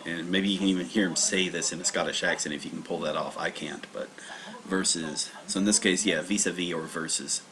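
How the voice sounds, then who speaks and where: A man's voice: low voice, steady tone, brisk, sharp tone. A man teaching kanji on a livestream in a rambling, casual way, with many fillers and restarts. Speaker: language teacher. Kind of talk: livestreamed kanji study lesson.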